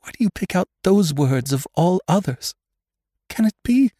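A man's voice: high-pitched, lively intonation, normal speed, warm tone, slightly rough, no room sound, clean studio sound, pitched above the performer's own voice. A male narrator voicing a frightened young woman, pleading and near hysterical, in a storybook reading. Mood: anguished.

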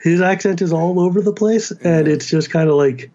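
An American man with a Californian accent, a guest chatting casually and animatedly, with quick asides and laughs. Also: a little high, mellow, lo-fi sound. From United States. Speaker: podcast guest. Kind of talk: casual chat.

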